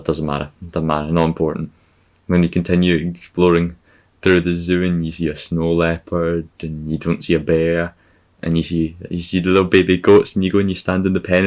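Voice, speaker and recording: Scottish man, very deep voice, podcast host, sarcastic, profane, rambling comic monologue. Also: completely flat delivery, quick pace, darkish tone. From Scotland.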